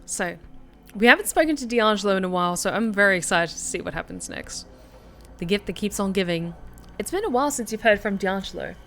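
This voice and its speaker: A woman streaming a story game, reading the narration aloud in a lively way and chatting back to her viewers. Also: medium pitch, a little fast, faint music behind.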